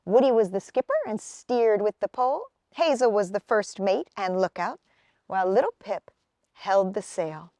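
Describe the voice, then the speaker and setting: A woman reading a children's picture book aloud outdoors, in an expressive storytelling manner. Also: medium pitch, moderate pace, no echo, studio quality. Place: outdoors in a forest.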